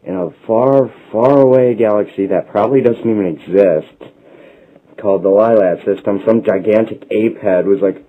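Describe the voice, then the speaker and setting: A man's voice: lowish voice, moderate pace, mellow. A man retelling a story in a rambling, run-on comic way, chaining everything with "and then". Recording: dull lo-fi recording.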